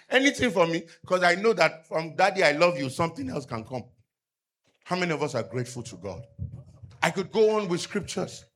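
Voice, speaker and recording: A middle-aged male pastor, preaching a sermon with emphatic call-and-response and loud peaks. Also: fairly high pitch, big pitch swings, a little fast.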